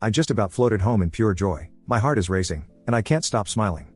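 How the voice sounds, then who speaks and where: A man narrating a story in the first person with plain, even delivery. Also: fairly low pitch, brisk, hardly any pauses, husky, soft background music.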